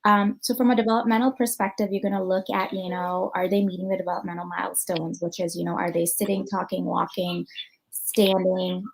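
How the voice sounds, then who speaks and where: A woman's voice: on the low side, level tone, a little fast, a little hiss or hum, poor audio. A woman with an American accent, a clinical psychologist answering audience questions in a conversational conference talk, thinking aloud with plenty of ums and you-knows.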